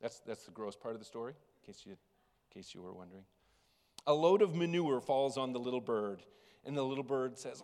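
A man preaching a sermon as pastor, telling a story with big swings between loud and hushed. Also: medium pitch, lively intonation, brisk. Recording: long reverb of a large hall.

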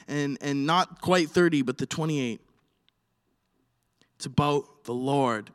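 Male pastor, fairly high voice, lively sermon delivery with big volume swings, long hall reverb. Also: smooth. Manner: animated, swings from quiet to shouting. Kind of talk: sermon with Bible reading.

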